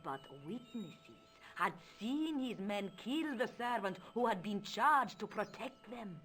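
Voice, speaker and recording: An actress voicing a proud, formal countess in a video game, with an imperious, dramatic manner. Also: female voice, medium pitch, expressive, takes it slowly, a bit bright, a little hiss or hum. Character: proud Spanish countess, haughty, bitter, later hopeful.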